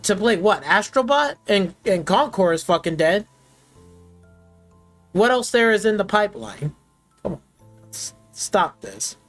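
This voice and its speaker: A man's voice: sits high, sing-song, unhurried, pauses often, a bit bright. Guy ranting on his gaming stream, swearing a ton and mocking stuff, a bit of music in the back. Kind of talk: profane casual rant.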